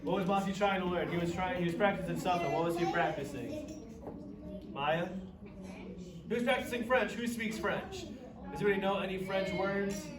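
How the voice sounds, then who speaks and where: A man with a fairly high voice leads a group of children, cheering them on and asking them questions. He sounds far from the mic in an echoey room. Children can be heard around him, and the sound is a bit dull. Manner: encouraging, asks the kids lots of questions. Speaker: children's program host. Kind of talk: leading a children's group lesson.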